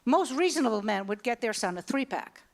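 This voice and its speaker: A woman's voice: fairly high pitch, fairly quick. A woman in her sixties doing a stand-up comedy set, telling stories animatedly and voicing the people in them. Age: 60s. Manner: animated storytelling with voiced characters. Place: comedy club stage. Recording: live club recording with background noise.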